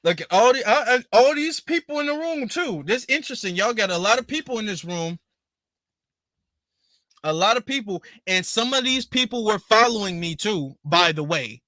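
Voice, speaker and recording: A man's voice: high-pitched, animated, normal speed, sharp tone, no room sound. A man hosting a livestream in a casual commentary style. He is emphatic and indignant and repeats his points. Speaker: livestream host.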